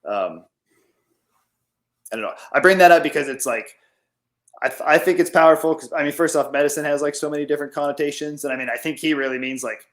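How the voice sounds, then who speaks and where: Fast and fairly bright, his voice on the high side, the farmer rambles casually through his remote interview, saying "like" constantly.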